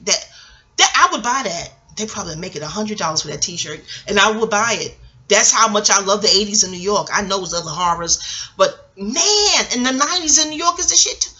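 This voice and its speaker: A middle-aged American woman vlogs in a scattered way, wandering off on tangents and swearing freely. Her fairly high voice sounds pushed and bright as she rambles through her commentary.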